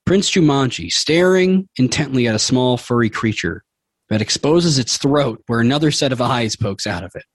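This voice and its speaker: A man's voice: medium pitch, animated, moderate pace, slightly rough, dry recording. A young man running a tabletop game, telling the scene in vivid detail with bursts of laughter. His voice sits mid-range and is recorded close and dry. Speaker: game master.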